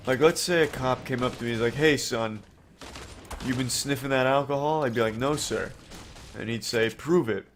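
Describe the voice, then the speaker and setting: A man's voice: medium pitch, moderate pace, lightly acted. A drunk man rambling in a mumbling, slurred voice on a livestream. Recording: noisy stream audio with game gunfire.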